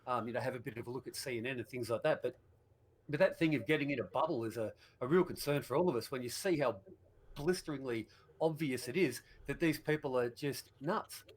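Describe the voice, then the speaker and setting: Fast-talking, hesitant male panelist. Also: medium pitch. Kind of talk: casual discussion.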